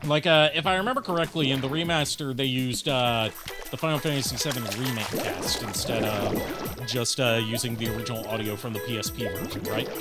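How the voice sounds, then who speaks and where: A man's voice: medium pitch, fairly quick. An American man chatting casually while streaming a game, rambling with fillers and casual swearing. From United States. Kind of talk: casual gaming stream chat. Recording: game music behind.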